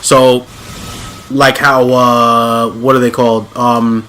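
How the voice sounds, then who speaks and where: A man's voice: medium pitch, level tone, slow pace, sharp tone. Rambling man chatting over a game. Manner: rambling, full of fillers and restarts. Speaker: let's play host. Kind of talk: casual gaming chat.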